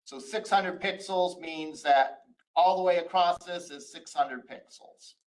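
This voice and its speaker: Instructor, male, high-pitched, talks through screen-share code with fillers and restarts. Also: a little slow, low-quality recording. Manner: explains step by step, frequent "uh" and restarts. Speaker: college instructor. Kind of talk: recorded screen-share lecture.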